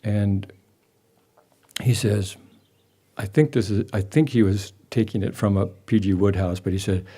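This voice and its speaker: Older guy with a mellow voice slowly telling a story, lots of pauses and restarts. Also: on the low side, steady tone. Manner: halting, with many restarts and soft pauses. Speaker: devotee sharing a memory. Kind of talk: personal storytelling at a memorial gathering. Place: gathering hall with a live audience.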